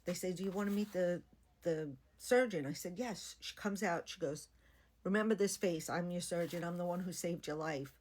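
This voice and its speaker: A woman with a fairly low voice tells her own story in a casual, unscripted way. She is blunt and candid, with a wry edge. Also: normal speed, darkish tone.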